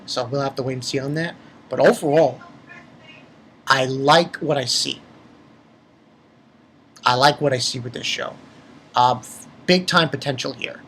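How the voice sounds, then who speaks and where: A man's voice: a little high, fairly bright tone, slightly rough. A man giving a casual spoken review of an episode. He rambles, swears freely and often restarts his sentences. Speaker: anime reviewer.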